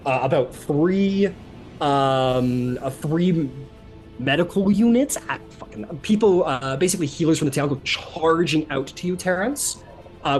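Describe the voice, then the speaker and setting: A man's voice: on the high side, a little mellow. Man narrating a tabletop game, casual and rambling. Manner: casual, rambling, many fillers. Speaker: game master.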